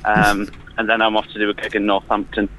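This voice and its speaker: A man guesting on a radio show as a comedian, answering in short, halting replies with frequent hesitations. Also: fairly low pitch, monotone, bright, forceful tone, rough recording. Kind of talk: casual chat.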